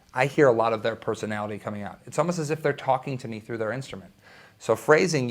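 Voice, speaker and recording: A young man teaching a guitar lesson, talking in an enthusiastic, conversational way with quick asides. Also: mid-range voice, vocal fry. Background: electric guitar playing.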